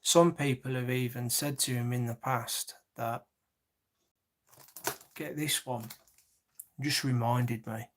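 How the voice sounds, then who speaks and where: An agitated man talks straight to the camera, looping back over the same points. His voice sits at an everyday middle pitch, and he peppers almost every sentence with swearing as his frustration builds. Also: steady tone, slow, pauses often. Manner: agitated, swears heavily, repeats himself. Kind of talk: rambling personal rant.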